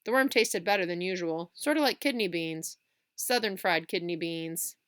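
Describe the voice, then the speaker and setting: A woman reading a children's chapter book aloud, with expressive storytelling. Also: lowish voice, moderate pace.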